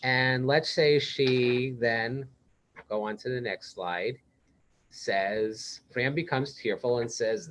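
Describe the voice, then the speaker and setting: A man of ordinary pitch talks through a case study in an easy, conversational manner, speaking as a psychiatrist leading a webinar. He often slips into the voice of a caring manager to show what to say. The sound is that of a video call. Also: slow. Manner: conversational, role-plays supportive manager lines. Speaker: presenter, psychiatrist. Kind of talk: interactive webinar presentation.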